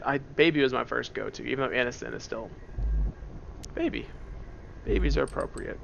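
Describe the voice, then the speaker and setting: A man's voice: medium pitch, animated, normal speed, creaky, long pauses, fairly bright tone, a little hiss or hum. A man casually joking and rambling through commentary on a game, seated at a computer at home. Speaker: let's play gamer.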